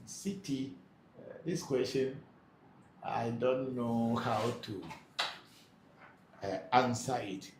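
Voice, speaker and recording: A man's voice: medium pitch, slow pace, pauses often. A man hosting a live question-and-answer session, reading out viewers' comments and explaining patiently with many hesitations. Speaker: spiritual teacher hosting a live Q&A. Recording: echoey room with faint background noise.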